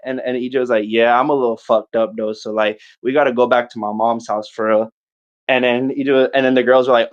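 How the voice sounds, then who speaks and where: Young male podcaster, mid-pitch, casual and profane, animated storyteller, slightly dull lo-fi mic. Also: brisk. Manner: animated, profane, quotes friends in short bursts.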